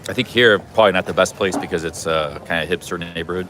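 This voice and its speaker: A man's voice: deep voice, fast talker, fairly bright tone, a little hiss or hum. A man live-streaming a travel vlog from a busy city street outdoors, chatting in a rambling way with many restarts. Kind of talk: casual walking live stream.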